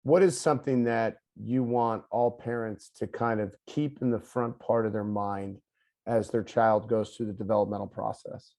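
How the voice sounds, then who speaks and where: A man's voice: fairly low pitch, steady tone, normal speed, dark tone. A man hosting an interview who asks plain, friendly questions in a casual way. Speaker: interview host.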